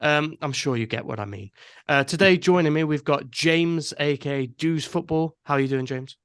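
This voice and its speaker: A man's voice: a little high, normal speed, a bit bright, smooth, no echo, clean studio sound. A man hosting a casual football podcast, talking easygoing and thinking aloud as he goes. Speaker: podcast host.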